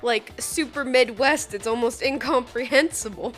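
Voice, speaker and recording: A woman's voice: fairly high pitch, lively intonation, measured pace, bright, forceful tone, soft background music. A woman with a Saskatchewan accent, chatting casually on a game stream, giggling often and swearing casually. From Saskatchewan, Canada. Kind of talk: casual gaming stream chat.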